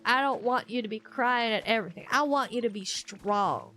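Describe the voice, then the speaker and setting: A young woman imitating her stern middle-aged father as he lectures her, gruff and preachy. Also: fairly high pitch, normal speed, fairly bright tone, soft background music, natural voice.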